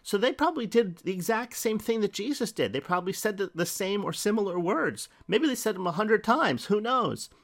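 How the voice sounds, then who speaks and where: A man's voice: sits high, animated, fairly quick, hardly any pauses, fairly bright tone. A middle-aged man preaching a sermon in a conversational way, asking rhetorical questions and reading scripture aloud.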